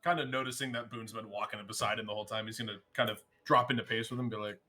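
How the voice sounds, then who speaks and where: A man's voice: fairly low pitch, fairly even intonation, rapid-fire, bright, forceful tone. A man describing his character's actions as a player in a tabletop game. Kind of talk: casual game talk.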